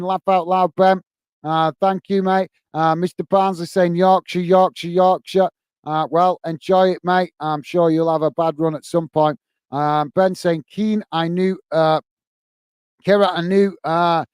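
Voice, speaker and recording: A man hosting a live stream, reading viewers' comments in a hurried, chummy way full of fillers, calling everyone mate. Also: a little high, clean tone, no echo. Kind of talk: casual live-stream chat.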